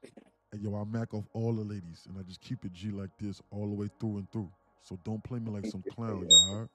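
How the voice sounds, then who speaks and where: A man's voice: lowish voice, fairly even intonation, brisk, over loud music, pitched below the performer's own voice, natural voice. A man putting on the voice of a swaggering, boastful street-talking tough guy. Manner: slangy, boastful.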